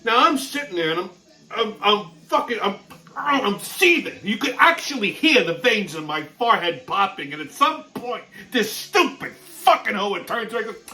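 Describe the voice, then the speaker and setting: A man's voice: sits high, big pitch swings, normal speed, bright, forceful tone, low-quality recording. A man hosting his own show, ranting in a brash, foul-mouthed, exasperated way, with a profane comedic style. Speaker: host.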